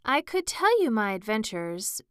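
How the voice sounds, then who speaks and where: A woman reading as Alice, a polite and wide-eyed young girl from a storybook, asking questions in a wondering tone. Smooth, dry close recording at an unhurried pace. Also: medium pitch, very animated, fairly bright tone, dry recording. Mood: curious. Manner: wondering, polite, a little timid.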